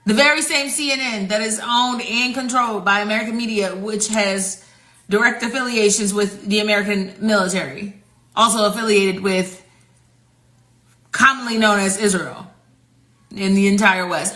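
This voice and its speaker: Woman commentator, sassy and rhetorical, bright tone, roomy sound. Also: medium pitch, normal speed. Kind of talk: casual commentary to viewers.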